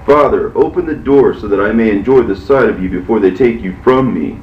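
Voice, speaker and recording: A man's voice: fairly low pitch, fairly quick, a little hiss or hum, natural voice. A man reading as a devoted, fearful son. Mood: pleading. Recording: echoey, muffled, from far off.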